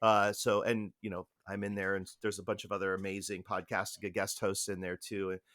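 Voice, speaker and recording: An enthusiastic man hosting a casual podcast, his voice bright and forward. He rambles a little and restarts his sentences as he chats. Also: sits low, little pitch movement, fairly quick, no room sound, studio quality. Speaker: podcast host.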